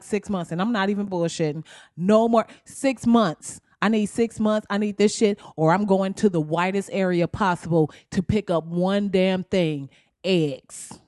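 A woman's voice: medium pitch, a little mellow, no echo, studio quality. A woman hosting her own podcast, ranting bluntly and profanely in a heated, casual way. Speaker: podcast host. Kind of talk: solo podcast rant.

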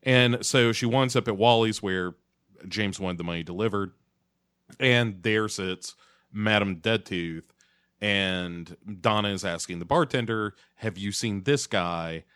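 A man co-hosting a podcast, recapping an episode in a halting way with many fillers and chuckles. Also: on the low side, fairly bright tone, clean tone, dry recording, studio quality. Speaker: podcast co-host.

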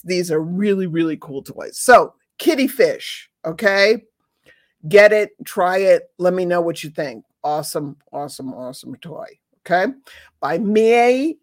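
A woman reviewing pet toys in a casual chat, rambling and enthusiastic with many restarts. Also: on the low side.

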